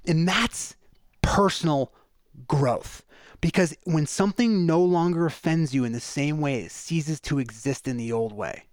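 A man hosting a casual podcast conversation, telling energetic stories and acting out the people he quotes. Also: fairly high pitch, a little slow, dry recording, studio quality. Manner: energetic storytelling with acted-out quotes.

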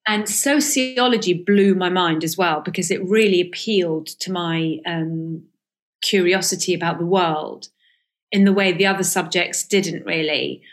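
A middle-aged woman speaks as an interview guest, candid and reflective. She hesitates often and restarts her sentences, filling gaps with soft ums as she thinks aloud. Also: on the low side, measured pace. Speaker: guest, comedian and author. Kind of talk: reflective casual interview talk.

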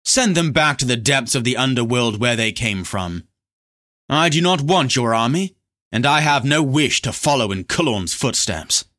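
A man's voice: medium pitch, lively intonation, normal speed, a bit bright, no room sound, studio quality, pitched above the performer's own voice, natural voice. A man voicing a proud young prince who speaks in a cold, clipped, defiant way.

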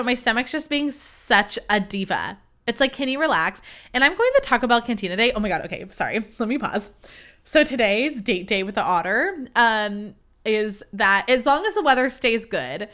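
A young woman hosts her own chatty podcast, rambling from one story to the next with plenty of fillers. Her voice sits a little high and rings bright and forceful. She sounds bubbly and eager the whole way through. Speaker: podcast host. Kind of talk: casual chat.

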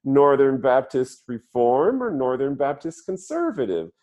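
A man imitating a comedian's persona, a squeaky, falsely innocent man with a high falsetto voice. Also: very animated, measured pace, mellow. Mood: chirpy.

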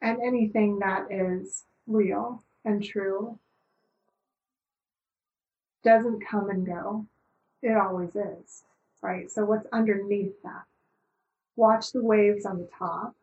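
A middle-aged woman talking slowly and calmly as an interview guest, reflective and searching, with many pauses. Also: mid-range voice, dull audio.

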